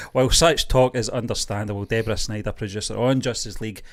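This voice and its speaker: A man co-hosting an online movie news livestream chats casually and reads news aloud, rambling with frequent fillers. His voice is fairly low, steady, and brisk.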